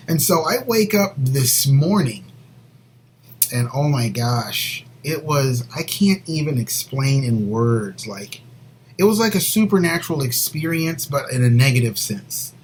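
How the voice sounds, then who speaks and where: A man co-hosting a Christian show, sharing a personal faith story in an earnest, rambling way and sometimes dropping to a soft near whisper. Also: medium pitch, lively intonation, measured pace, slight background noise, rough recording. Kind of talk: personal faith testimony, casual chat.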